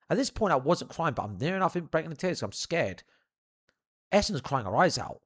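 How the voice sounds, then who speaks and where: Young guy telling a crazy story, lots of swearing, super expressive ups and downs. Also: on the high side, fairly quick, breathy edge. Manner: animated, profane, theatrical. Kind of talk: comedic anecdote.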